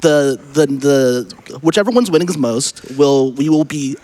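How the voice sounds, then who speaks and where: A man's voice: mid-range voice, expressive, measured pace, dark tone. A man doing live commentary on his own speedrun, upbeat and talking straight to viewers. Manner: upbeat, addresses viewers directly. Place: charity marathon event stage.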